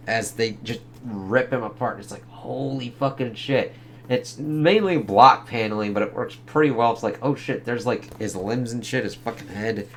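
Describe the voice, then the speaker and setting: A man giving a casual comic book review and reading the panels aloud, with blunt, profane, animated reactions. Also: medium pitch, moderate pace.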